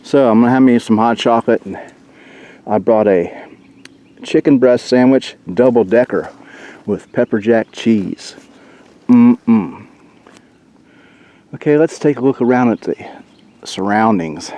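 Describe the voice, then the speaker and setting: A man's voice: mid-range voice, measured pace, long pauses. Man, outdoor vlogger, easygoing chat to camera, recorded on a camcorder outdoors. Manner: relaxed, chatty, talks to the camera. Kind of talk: casual solo vlog. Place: outdoors in winter woods by a creek. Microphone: handheld camcorder mic.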